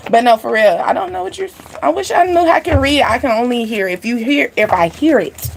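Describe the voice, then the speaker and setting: A woman giving a casual, animated tarot reading, laughing often and speaking straight to her viewers. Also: a little high, fairly quick, creaky, a little hiss or hum. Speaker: tarot reader. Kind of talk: livestream card reading.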